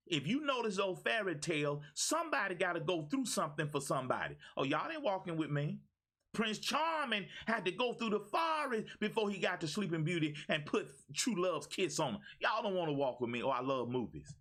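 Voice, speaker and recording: A man coaching viewers on a live stream. His voice sits fairly high and swings widely up and down as he preaches, repeating lines and calling out names. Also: a bit bright. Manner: preachy, repetitive, calls out viewers by name. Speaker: life coach. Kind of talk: motivational live-stream talk.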